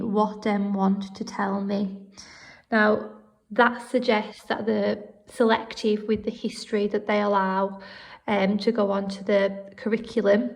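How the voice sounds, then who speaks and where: A woman teacher talking through a poem's quotations in a steady, explanatory way, with occasional fillers. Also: medium pitch. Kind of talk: recorded poetry analysis lesson.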